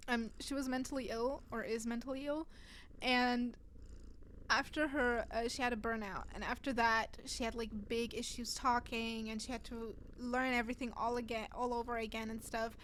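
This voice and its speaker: A woman's voice: on the high side, normal speed, a little hiss or hum. A woman streamer chatting casually with her viewers, telling stories animatedly and laughing often. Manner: giggly, animated storytelling. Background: faint cat purring sounds.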